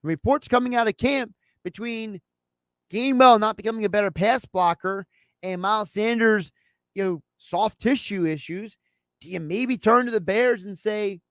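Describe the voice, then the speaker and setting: A man's voice: high-pitched, moderate pace, no echo, studio quality. A man hosting a sports talk show, giving his take in a loose, conversational way and acting out imagined phone calls.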